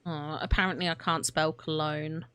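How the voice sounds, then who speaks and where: A woman's voice: low voice, level tone, moderate pace, heavy background noise. A young woman streaming a game, talking to herself in a flustered, chatty way with frequent laughs and exclamations. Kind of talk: gaming livestream commentary.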